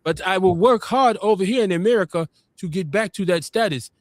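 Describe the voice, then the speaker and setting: Picture a proud immigrant engineer with an African accent, as a podcast host puts him on, pressing his point with earnest insistence. The voice is on the higher side for a man and sounds close and dry. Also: fairly quick, dry recording, natural voice.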